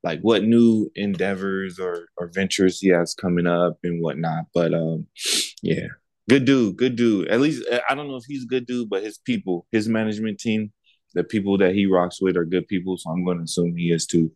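A man with a low voice chats casually as a podcast co-host. He tells stories with energy and pops into higher voices to imitate others. The sound is close and dry. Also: normal speed, dry recording. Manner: animated storytelling, mimics others in high voices. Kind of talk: casual chat.

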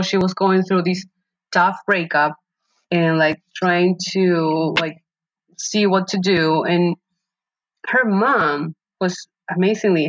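A woman guest telling a story in a casual interview, animated, laughing often and restarting her sentences. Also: fairly low pitch, muffled recording. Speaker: podcast guest.

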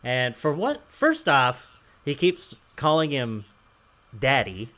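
A man's voice: mid-range voice, huge pitch swings, slow, bright, forceful tone. A man hosting a casual podcast, telling a rambling story with frequent chuckles. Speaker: podcast host.

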